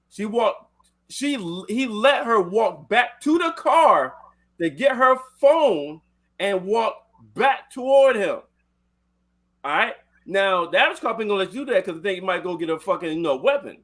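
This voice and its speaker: A man's voice: high voice, big pitch swings, moderate pace, fairly bright tone. A man hosting a casual podcast chat, retelling a video in a loose, rambling way. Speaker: podcast host.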